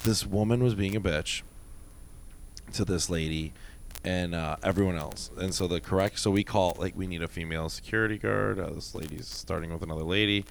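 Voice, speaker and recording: A man in his thirties, a former bouncer, telling a wild story in casual chat and acting out the quotes loudly. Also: deep voice, brisk, creaky, a little hiss or hum. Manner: animated, profane, acts out quotes with loud jumps.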